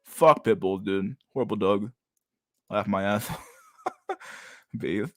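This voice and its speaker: A man's voice: on the low side, takes it slowly, fairly bright tone, no echo, studio quality, soft background music. A young man hosting a casual livestream, talking in a crude, profane way while reacting to chat. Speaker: livestream host.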